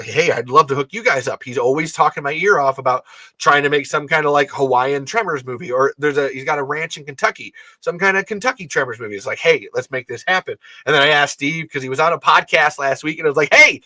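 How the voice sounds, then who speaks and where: A man's voice: medium pitch, bright, forceful tone, dry recording. A man hosting a fan podcast, talking casually and rambling, frustrated and swearing often. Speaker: podcast host.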